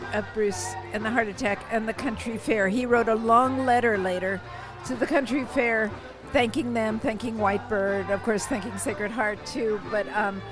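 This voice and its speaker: An older woman calmly telling a personal story in a conversational way, with many fillers and restarts. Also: medium pitch, low-quality recording.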